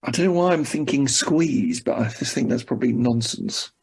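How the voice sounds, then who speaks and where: A man's voice: mid-range voice, moderate pace, darkish tone, breathy edge. A man guesting on a podcast, answering quiz questions in wry, self-deprecating chat.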